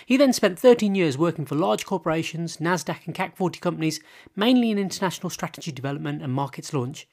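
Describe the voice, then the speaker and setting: A man's voice: on the high side, expressive, fast talker, creaky, a little mellow. A man hosting a podcast. He reads out his guest's introduction and talks in an upbeat way. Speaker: podcast host.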